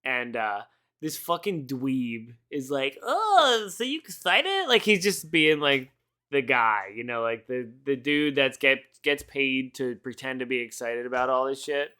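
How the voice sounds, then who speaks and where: A man's voice: medium pitch, steady tone, unhurried, bright, forceful tone, clean tone. A tipsy man co-hosting a podcast, giving rambling, profane movie commentary and laughing often. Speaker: podcast co-host. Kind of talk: casual movie commentary chat.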